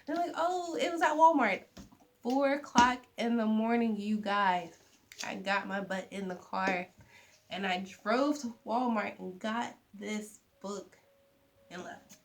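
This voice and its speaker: A young woman chatting casually to camera about books, animated, with soft asides. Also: medium pitch. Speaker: vlogger. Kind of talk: casual book chat to camera.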